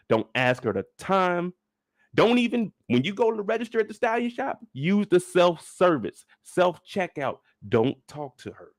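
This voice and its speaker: A man's voice: a little high, no echo, studio quality. A man hosting a channel, giving joking, profane reaction commentary on a TV drama. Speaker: channel host.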